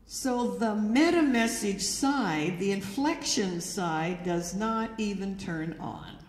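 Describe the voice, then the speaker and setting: A woman's voice: medium pitch, slow pace. A woman giving an educational talk to an audience, telling anecdotes and acting out the quoted dialogue. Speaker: lecturer. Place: church hall. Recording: echoey hall with long reverb.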